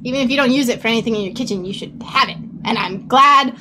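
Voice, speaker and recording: High-voiced young woman telling a shaky story. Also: fast, background noise. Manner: animated, rising to panicked shouts and laughter. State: still shaky. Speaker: streamer. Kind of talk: casual storytelling to stream.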